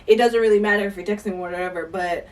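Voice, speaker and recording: A woman's voice: medium pitch, fairly even intonation, quick pace, distant mic. A woman from Jamaica co-hosting a casual podcast, blunt and outspoken, swearing freely and laughing often. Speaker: podcast co-host.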